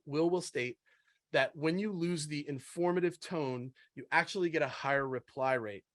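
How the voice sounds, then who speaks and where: A man's voice: on the high side, no room sound. Upbeat man hosting a webinar, dry sound. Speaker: webinar host. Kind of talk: casual panel discussion.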